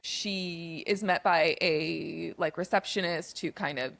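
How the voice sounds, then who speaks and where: A woman's voice: on the low side, slow pace, gravelly, fairly bright tone, dry recording. A young adult woman co-hosting a podcast, recapping a film in chatty, casual talk packed with "like" fillers. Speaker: podcast co-host.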